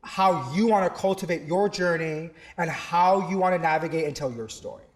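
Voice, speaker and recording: A man's voice: fairly high pitch, normal speed. A man from South Texas, a theatre teacher, telling a story in an interview with many fillers and restarts.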